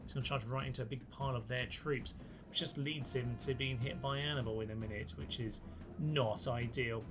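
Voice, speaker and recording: A man's voice: mid-range voice, fairly even intonation, a little fast, music in the background. A young man hosting a channel, giving chatty, wry gameplay commentary and thinking aloud on a close mic. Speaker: YouTube host.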